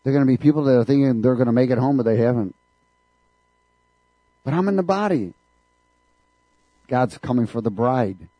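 A man's voice: mid-range voice, fairly even intonation, fast talker, few pauses, no room sound, lo-fi sound. A man preaching a fervent sermon in a church, calling out questions for the congregation to answer back. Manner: fervent, call-and-response preaching.

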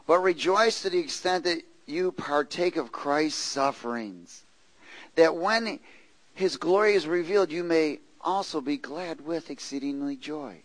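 A man preaching with fiery emphasis, his fairly high voice jumping from muttered asides to shouted peaks. He fires rhetorical questions at the congregation and mimics the people he describes. The sound is dry and close, with no room echo. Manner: frequent rhetorical "Hello?" and call-and-response questions. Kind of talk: sermon.

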